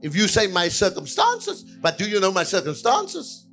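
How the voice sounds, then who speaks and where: A male pastor preaching a sermon, moving between quiet passages and louder lines, with repeated hallelujahs. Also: high-pitched, wildly swooping pitch, moderate pace, faint music behind.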